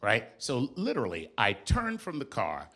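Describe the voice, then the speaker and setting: A man doing a stand-up comedy set on a club stage, telling a story with lively delivery and mimicking the voices and accents of other people. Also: mid-range voice, moderate pace. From New York.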